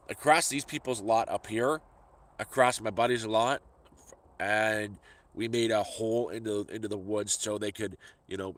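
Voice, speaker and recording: A man's voice: lowish voice, a bit bright. A middle-aged man telling a story in a casual vlog, exasperated and ranting, often repeating words as he talks into a phone he holds. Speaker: vlogger. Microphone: phone held by hand.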